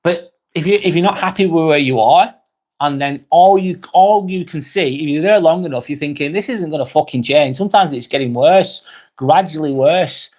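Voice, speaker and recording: A young man from Northwest England with a broad Lancashire accent hosts a casual live vlog, reading viewers' comments aloud and swearing freely as he chats. His voice is a little high and slightly mellow, at a moderate pace.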